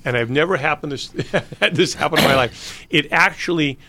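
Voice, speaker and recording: A man's voice: on the high side, moderate pace, bright, forceful tone. A man telling long, rambling stories in a casual interview, laughing and restarting as he goes. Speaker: interview guest. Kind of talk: casual storytelling.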